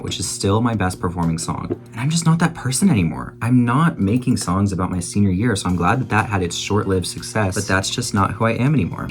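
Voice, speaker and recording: Young male vlogger, casual and swearing, lowish pitch, faint music bed. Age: 20s. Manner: chatty, self-mocking, swears freely. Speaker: YouTuber. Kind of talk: casual vlog chat while baking.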